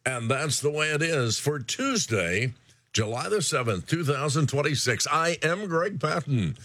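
A man's voice: on the high side, lively intonation, a little slow, dry recording. A male radio host closing his program with earnest thanks and a sign-off. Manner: warm, earnest closing words.

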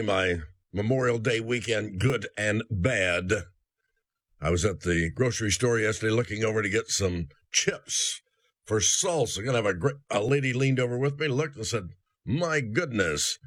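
A man preaching a sermon, telling a story aloud in an earnest, slow and solemn way. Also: on the low side, fairly bright tone, no echo. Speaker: ministry host.

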